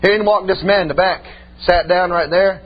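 A man's voice: high-pitched, steady tone, normal speed, lo-fi sound. A man preaching a sermon and telling stories from his ministry, emphatic and folksy, punctuating his points with repeated amens. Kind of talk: sermon with personal storytelling.

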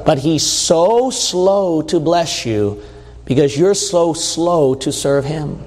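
A high-voiced male preacher gives a slow, slightly mellow sermon in a conversational style, reading scripture aloud and repeatedly questioning the congregation. A long reverb tail follows his words through the hall.

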